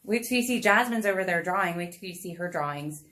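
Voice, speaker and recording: A woman talks quickly and animatedly in a lowish, slightly bright voice while painting on a live stream. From her home room, which isn't a studio, she chats bubbly with viewers and laughs often.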